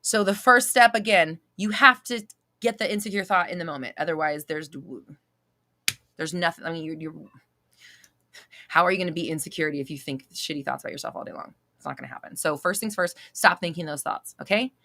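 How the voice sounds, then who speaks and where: Blunt, bright-voiced woman coaching live. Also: fairly low pitch, brisk. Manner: blunt, emphatic, repeats points, swears casually. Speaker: manifestation coach answering viewer questions. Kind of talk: live-stream Q&A.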